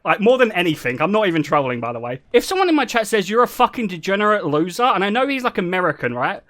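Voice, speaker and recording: Lively jokey British man streamer. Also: sits high, fast. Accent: British English. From Britain. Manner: jokey, swears freely, laughs often. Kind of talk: casual storytelling to stream chat.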